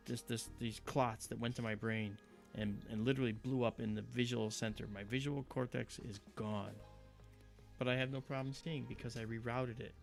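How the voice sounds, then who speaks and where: A man hosting a livestream, talking casually and telling animated stories with quoted voices. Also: medium pitch, gravelly. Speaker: livestream host.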